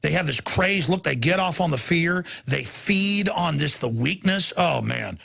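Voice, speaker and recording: A man hosting a talk show launches into a heated, emphatic rant. His voice is gravelly and raspy, with a tense, sharp edge. It sits a little higher than most men's. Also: animated, a little slow. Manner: angry, ranting, heated and emphatic. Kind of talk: impassioned talk radio rant.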